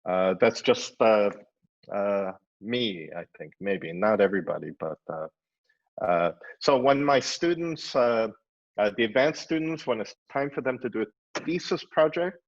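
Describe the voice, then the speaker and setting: A man's voice: lowish voice, animated, measured pace. A middle-aged man, an architect and teacher, thinking aloud in a panel discussion, full of "uh"s and "you know"s. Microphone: video call. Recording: dull lo-fi online call audio.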